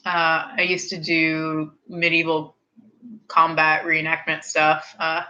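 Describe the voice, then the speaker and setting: A woman in her thirties hosts a relaxed chat with her viewers, a little tipsy and prone to rambling tangents. Her voice sits fairly low but sounds bright and forceful. The audio is dull and lo-fi. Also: slow pace. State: slightly tipsy. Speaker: streamer hosting a snack review.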